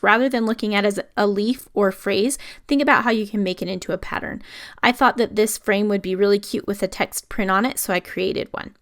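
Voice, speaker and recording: A woman's voice: mid-range voice, fairly bright tone. An adult woman chatting through a casual scrapbooking voice-over, explaining each step as she works. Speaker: scrapbooking video host.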